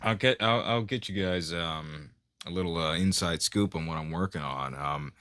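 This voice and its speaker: A man with a very low voice, recorded dry and close. He chats casually as a guest on a live stream, relaxed and hesitant, with plenty of fillers. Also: normal speed, no echo. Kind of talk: casual chat.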